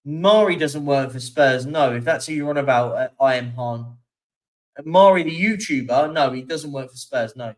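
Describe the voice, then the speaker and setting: Recorded from a distance, a man with a medium-pitched voice speaks at a moderate pace while hosting a casual live stream. His chatty, rambling talk covers football stats and viewer comments, with fillers scattered throughout.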